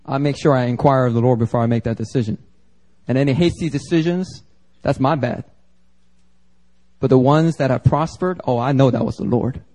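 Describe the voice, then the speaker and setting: A pastor from Philadelphia preaching a sermon to a congregation, emphatic and conversational, with slangy asides. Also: male voice, medium pitch, fairly quick, warm tone. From Philadelphia, United States. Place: church service before a congregation.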